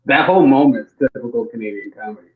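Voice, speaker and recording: A man's voice: medium pitch, quick pace. A man competing as a comedian, laughing and trailing off as he jokes. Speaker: comedian contestant. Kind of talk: comedic banter. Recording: roomy, dull home mic with faint noise.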